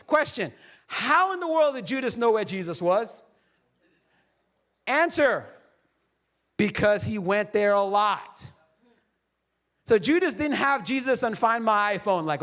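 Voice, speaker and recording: A man's voice: high voice, animated, brisk, fairly bright tone. A young adult man preaching a sermon as pastor in a church, playful and jokey, acting out other people's voices. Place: church sanctuary.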